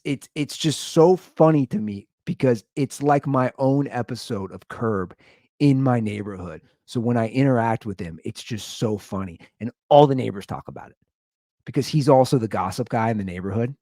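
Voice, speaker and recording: A man hosting a podcast, telling comic neighborhood stories in an animated way, laughing and acting out the people he quotes. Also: lowish voice, dry recording, studio quality. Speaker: podcast host. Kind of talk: comedic storytelling rant.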